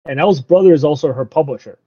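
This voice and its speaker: A man casually recapping a show, laughing often and acting out the characters' lines in quick asides. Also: on the high side, husky, no echo. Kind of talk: casual chat recapping an anime. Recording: dull lo-fi dry recording.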